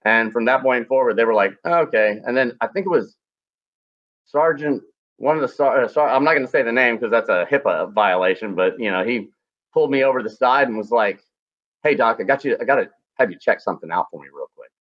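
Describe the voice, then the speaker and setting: A man's voice: medium pitch, fairly quick, lo-fi sound. A former combat medic telling crude army stories casually, acting out the people he quotes. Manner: crude, animated anecdote-telling with acted quotes. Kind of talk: casual storytelling.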